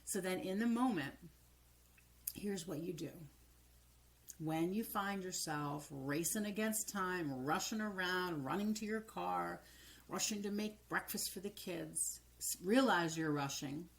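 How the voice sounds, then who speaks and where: A middle-aged woman, a transformational coach, giving calm step-by-step guidance and dropping to soft near-whispers when voicing affirmations. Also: fairly low pitch, unhurried, creaky. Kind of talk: coaching video monologue.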